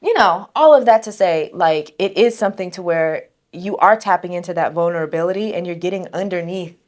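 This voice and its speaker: A young woman co-hosting a podcast in casual chat, telling stories with lively acted-out quotes. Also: fairly low pitch, brisk. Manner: animated storytelling, acts out quoted exchanges. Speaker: podcast co-host.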